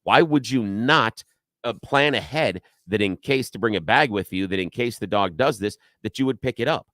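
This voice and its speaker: A man co-hosting a radio talk show, telling a rant-filled story in an animated way and acting out the people in it. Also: on the low side, moderate pace, no room sound, studio quality. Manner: animated storyteller, acts out shouting quotes. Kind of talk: casual talk radio chat.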